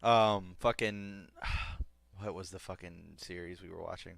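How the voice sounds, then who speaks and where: A man's voice: low-pitched, steady tone, takes it slowly, gravelly, fairly bright tone, no echo. A young man co-hosting a podcast, chatting casually, swearing a lot and acting out scenes in silly voices. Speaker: podcast co-host. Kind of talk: casual chat.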